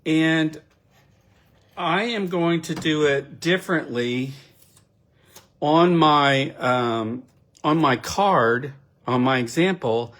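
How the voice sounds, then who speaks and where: A man giving a casual, unhurried card-making demonstration, chatty and self-deprecating as he works. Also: a little high, fairly bright tone.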